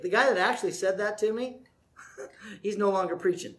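A man's voice: sits high, moderate pace, a bit bright. A pastor in his sixties preaches a sermon like he is chatting with friends. His manner is folksy and joking, with a plain, easygoing conversational delivery. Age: 60s.

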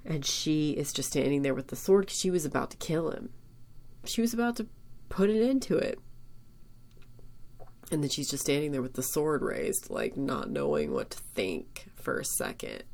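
A woman's voice: sits low, a little mellow. A woman casually recapping a TV episode, rambling and enthusiastic, full of fillers. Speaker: podcast host recapping an episode.

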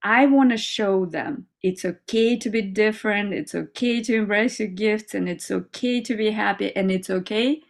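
Earnest, upbeat woman, mid-pitched. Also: moderate pace, creaky, few pauses. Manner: earnest and upbeat, with frequent fillers and laughs. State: mother. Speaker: interview guest. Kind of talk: casual heartfelt conversation.

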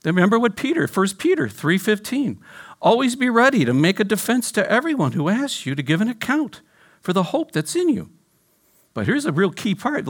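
A man delivers a sermon with a slightly higher-than-average voice that swings widely in pitch. He keeps firing questions at his listeners and sinks to a low, hushed tone when quoting scripture. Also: husky. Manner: animated, questioning the congregation directly. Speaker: pastor.

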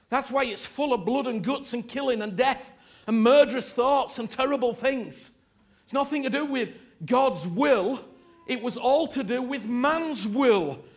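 A man preaching a sermon, impassioned and emphatic, urging his congregation to respond and repeat after him. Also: extremely high pitch. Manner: slow and emphatic, with sudden loud peaks.

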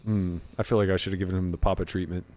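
A man's voice: sits low, flat delivery, racing, mellow. A young man in casual chat, swearing and teasing his housemates.

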